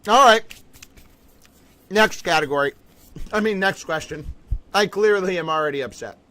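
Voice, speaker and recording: A man's voice: sits high, bright, forceful tone, dry recording, poor audio. A man hosting a casual livestream trivia game, reading out questions and making playfully indignant, rambling asides.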